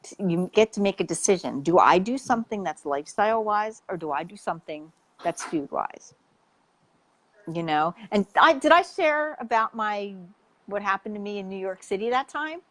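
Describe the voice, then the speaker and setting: Woman health coach in casual conversation; animated, chatty storyteller with an average-pitched voice. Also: moderate pace, rough recording.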